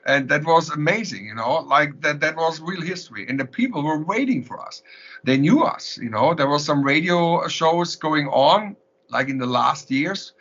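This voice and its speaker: A man with a German accent telling animated stories in an interview, often laughing and restarting his sentences. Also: on the high side, normal speed. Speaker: interviewed musician. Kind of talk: storytelling in an interview. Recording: lo-fi recording.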